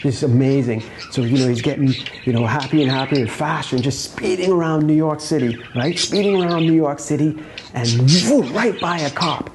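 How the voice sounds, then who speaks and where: A man's voice: on the high side, lively intonation, brisk, background noise. A male comedy host chatting casually to his parakeet and telling a joke, often checking in with "okay?".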